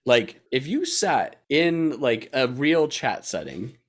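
Young man, casual chat, mid-pitch voice, frequent laughs, swears, acts out quotes. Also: very animated, slow pace. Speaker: podcast co-host.

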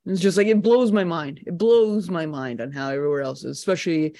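A man's voice: sits high, a little fast, few pauses, a little mellow. A man co-hosting a podcast who speaks in a blunt, opinionated way in casual chat. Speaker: podcast co-host.

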